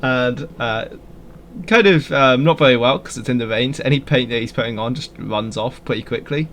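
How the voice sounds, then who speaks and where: A man's voice: medium pitch, moderate pace, a bit bright, slight background noise. A man narrating as game master on a voice call, hesitant and full of fillers, often laughing. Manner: hesitant, many fillers, giggly. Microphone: headset or desk mic on a call.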